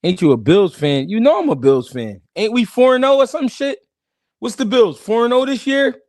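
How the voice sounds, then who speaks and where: A man's voice: extremely high pitch, expressive, moderate pace, a little mellow, no room sound, clean studio sound. A man hosting a live stream, chatting casually and animatedly in slang, talking straight to his chat.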